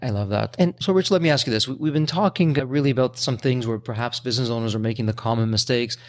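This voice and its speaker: A man's voice: medium pitch, fast. A man hosting a podcast, recapping his guest's points and speaking directly to listeners. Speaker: podcast host. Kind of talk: casual interview chat.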